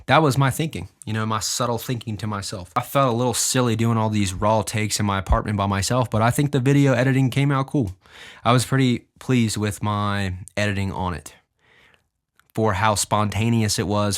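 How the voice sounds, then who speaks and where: A young man hosting a podcast, casually explaining his music and deliberately moving his pitch up and down as he talks. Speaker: podcast host and music producer.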